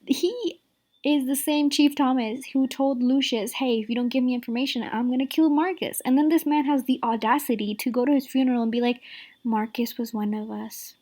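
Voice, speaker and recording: A woman's voice: sits high, darkish tone. A woman giving a casual, exasperated opinion rant about a show, filling her talk with "like" and "the thing is". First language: Spanish. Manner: exasperated, rapid, repeats "like" and "the thing is". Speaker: show reviewer.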